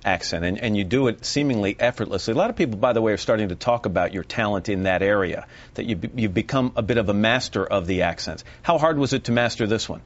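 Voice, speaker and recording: A male morning TV host asks his questions quickly and smoothly, in a low voice. The broadcast sound is somewhat dull. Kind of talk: broadcast interview.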